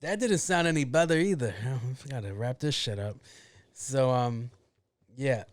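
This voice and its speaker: A man's voice: medium pitch, unhurried, slight background noise. A man hosting a casual solo podcast, ranting bluntly with a lot of swearing and grumbling to himself about his own mistakes. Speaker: podcast host.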